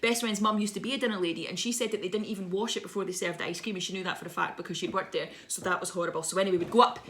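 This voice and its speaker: A woman's voice: mid-range voice, steady tone, rapid-fire, fairly bright tone. A woman in her thirties, a visiting children's author, telling a playful, dramatic story to schoolchildren over a video message.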